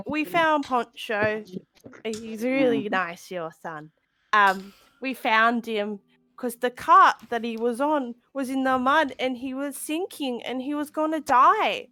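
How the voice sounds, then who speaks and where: A woman's voice: high voice, sharp tone. A woman with an Australian accent playing a tabletop game, talking in a hesitant, apologetic way. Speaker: player. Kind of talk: tabletop role-play.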